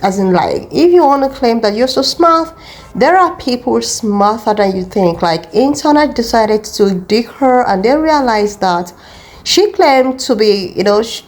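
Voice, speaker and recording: A woman's voice: fairly high pitch, darkish tone. Chatty woman host talking to viewers. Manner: chatty, addresses viewers directly. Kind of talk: casual commentary to viewers.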